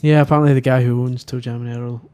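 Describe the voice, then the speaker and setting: A man co-hosting a podcast, nerdy and quick to recall old games. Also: mid-range voice, fairly even intonation, mellow, smooth. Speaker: podcast co-host. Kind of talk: casual chat.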